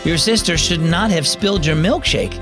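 A man's voice: fairly high pitch, moderate pace, over music. A man hosting a children's devotional radio show, narrating a story and teaching in a scripted way.

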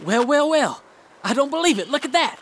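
An actor playing a folksy, rugged mountain guide who talks in a homespun drawl. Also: male voice, very high-pitched, big pitch swings, fairly quick, fairly bright tone, full character voice. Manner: folksy drawl, says "reckon".

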